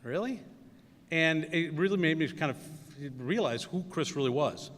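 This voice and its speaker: A man's voice: fairly high pitch, moderate pace, a bit bright. Man rambling through stories in a hall. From Wisconsin. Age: middle-aged. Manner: storytelling with many fillers and acted quotes. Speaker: commencement speaker. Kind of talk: anecdotal speech. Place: large hall. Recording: reverberant hall.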